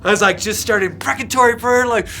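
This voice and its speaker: A man telling an emotional personal testimony, rambling and intense, full of restarts and "like", sometimes sinking to a hushed low voice. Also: fast, vocal fry. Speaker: guest sharing a personal testimony.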